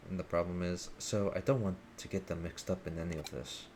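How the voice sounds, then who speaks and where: A man's voice: low-pitched, fairly even intonation, brisk, darkish tone, a little hiss or hum. A man reading the lines of an earnest, idealistic young male hacker leader in a formal, solemn way. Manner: formal, solemn speeches read aloud. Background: game music.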